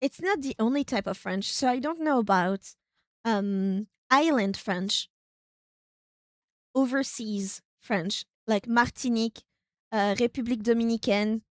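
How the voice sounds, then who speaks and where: A fairly high-pitched woman chats her way through a live game stream, rambling as she thinks aloud and breaking into excited exclamations. The sound is close and dry, with no room echo. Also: a little slow.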